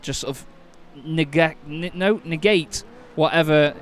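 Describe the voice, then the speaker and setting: A man with a Northern English accent doing excitable, jokey live sim racing commentary, quick to laugh and exclaim. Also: on the high side.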